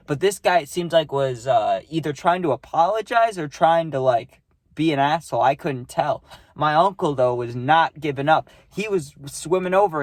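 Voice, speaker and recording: A man's voice: a little high, dry recording. A young man, rambling through a casual storytime and tagging lines with "right?". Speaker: vlogger.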